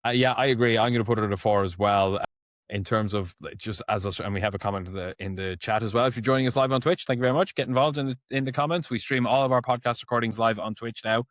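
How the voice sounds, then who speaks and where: A man's voice: medium pitch, fast talker, dry recording, clean studio sound. A man hosting a casual motorsport podcast, talking loosely and often restarting his phrases. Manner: chatty, restarts phrases, reads sponsor plugs. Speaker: podcast host.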